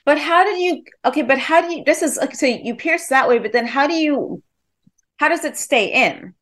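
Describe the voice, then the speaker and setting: A woman hosting a casual interview, reacting excitedly and chatting about her own experiences. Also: sits high, moderate pace.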